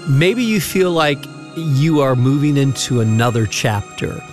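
A man's voice: medium pitch, measured pace, soft background music. A man from the United States preaching a sermon, telling a personal story and acting out the voices in it. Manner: animated, acts out quoted voices.

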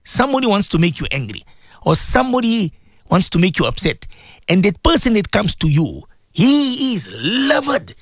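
A man preaches to his radio listeners in a slightly husky voice. His pitch swings widely as he acts out quoted voices and leans on rhetorical questions. The sound is dry and close. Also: huge pitch swings, normal speed, no echo.

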